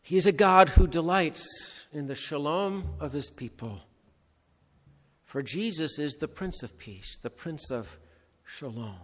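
A man's voice: a little high, expressive, a little slow, fairly bright tone, long reverb tail. A man preaching an earnest, emphatic sermon as pastor to his congregation.

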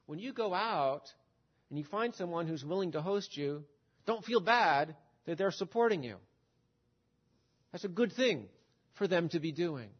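High-voiced man preaching slowly, dull recording. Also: breathy edge. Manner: measured teaching delivery with rhetorical questions. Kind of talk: expository sermon.

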